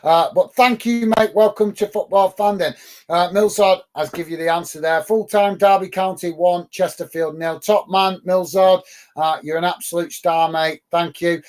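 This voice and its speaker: Chatty high-voiced middle-aged English football host. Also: male voice, steady tone, normal speed, a little mellow. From England. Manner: chatty, gets worked up and emphatic, many ums and uhs. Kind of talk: live watch-along chat reading viewer comments.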